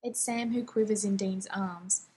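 A woman narrating a fan fiction story in a hushed, intimate and even manner. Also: medium pitch, measured pace, slightly rough, low-quality recording.

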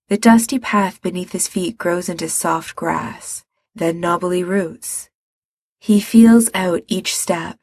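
A woman reading a story aloud, narrating the scene in an even storytelling manner. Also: on the low side, vocal fry, breathy edge, dry recording, clean studio sound.

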